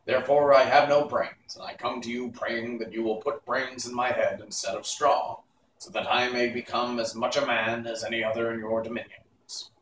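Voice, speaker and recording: A man's voice: mid-range voice, steady tone, normal speed, fairly bright tone, lightly acted. A brave, humble scarecrow speaks earnestly in a plain mid voice, as a man reading aloud does him. Distant, roomy sound with a faint hiss.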